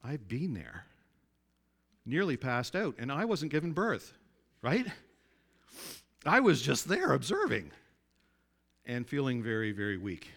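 A man preaching a sermon in a conversational way, often asking his listeners to agree and dropping his voice low and soft for emphasis. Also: wildly swooping pitch, a little slow, vocal fry, pauses often. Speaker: pastor.

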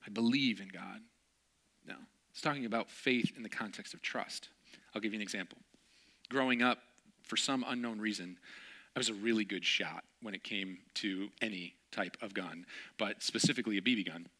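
A man's voice: fairly low pitch, sharp tone. A man preaching a sermon in a conversational way, telling personal stories and acting out the voices of the people in them. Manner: conversational, acts out friends' voices in stories, laughs often. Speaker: pastor.

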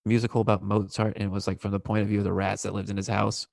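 Gravelly fast-talking man, casual host. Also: fairly low pitch, level tone, a little mellow, dry recording, studio quality. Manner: rambling, swears freely. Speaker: podcast host. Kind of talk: casual chat.

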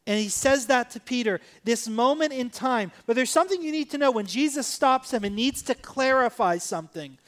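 A man preaching a sermon, animated, acting out quoted voices and swinging from soft to loud. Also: very high voice, normal speed, few pauses. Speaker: pastor.

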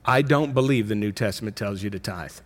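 A middle-aged man, a pastor, preaching a sermon in a conversational way, with emphatic rises and quick self-corrections. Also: on the low side.

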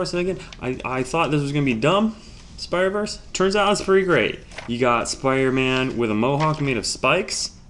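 A man hosting a solo podcast, rambling in a jokey, self-deprecating way, swinging from low mumbles to loud outbursts. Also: a little hiss or hum. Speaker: podcast host.

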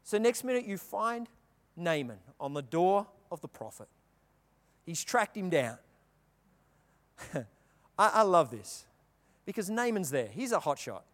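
A man preaching a sermon, telling the story with animated delivery and acting out the characters' lines. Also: high-pitched, a little slow, long pauses. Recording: long reverb of a large hall.

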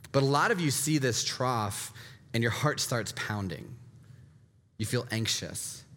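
A man's voice: mid-range voice, a bit bright. A man preaching a sermon as a pastor, earnest and repetitive, often checking in with a questioning "right?". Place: church sanctuary. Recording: long hall reverb.

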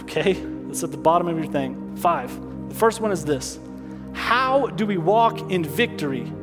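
High-voiced pastor preaching in a hall. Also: male voice. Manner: call-and-response preaching, repeats lines for emphasis. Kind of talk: sermon. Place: church hall. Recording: long hall reverb, soft music behind.

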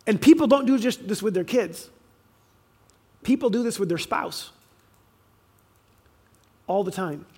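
High-voiced man preaching emphatically. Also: animated, a little slow, long pauses, warm tone, husky. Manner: emphatic preaching, rises and drops in volume, with fillers and restarts. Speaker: pastor. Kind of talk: sermon.

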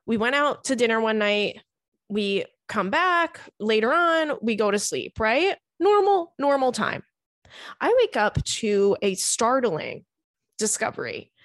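A young adult woman hosts a podcast with a high-ish, fairly bright voice, very animated yet measured in pace. She chats casually and swears freely while telling funny stories, recorded dry with clean studio sound.

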